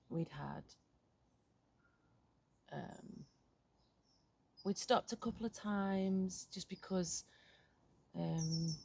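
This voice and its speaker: A middle-aged woman talking frankly in a reflective vlog, halting and swearing casually, recorded outdoors in a garden. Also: deep voice, gravelly, darkish tone, breathy edge. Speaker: vlogger.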